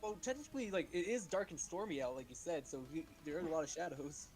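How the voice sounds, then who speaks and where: A man's voice: a little high, fast talker, a little mellow, rough recording. A man playing in a tabletop game, talking hesitantly and restarting often while he argues the rules. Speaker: player. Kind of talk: casual tabletop game chat.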